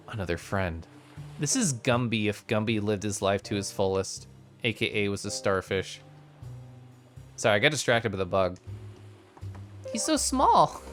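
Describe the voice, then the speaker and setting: A streamer giving playful, jokey commentary during a live game stream. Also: medium pitch. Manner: playful, giggly, jokey asides.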